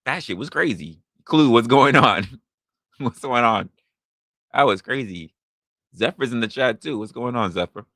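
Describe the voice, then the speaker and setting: Guy doing a live stream, swearing a ton, pitch jumping all over, bright punchy voice, dry close sound. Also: a little slow, long pauses, dry recording. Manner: profane, animated storytelling with voiced quotes. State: drinking. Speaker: podcast host. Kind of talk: live-stream commentary, reading chat.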